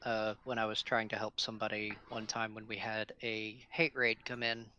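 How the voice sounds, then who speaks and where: A man's voice: lowish voice, little pitch movement, normal speed, sharp tone, highs cut off, a little hiss or hum. A man playing in a tabletop game, chatting casually and a bit sheepishly over a voice call. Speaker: player.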